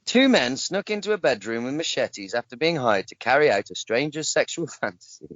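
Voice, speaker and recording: Lively man reading headlines. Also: mid-range voice, a little fast, no echo, highs cut off. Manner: joking, often laughing mid-sentence. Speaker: podcast host. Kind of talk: casual chat reading news stories aloud.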